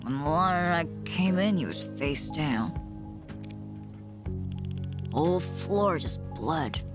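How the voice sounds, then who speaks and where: A woman voicing a drunk, angry young female detective in a game, speaking low and bitter. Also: expressive, takes it slowly, over music. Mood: grim.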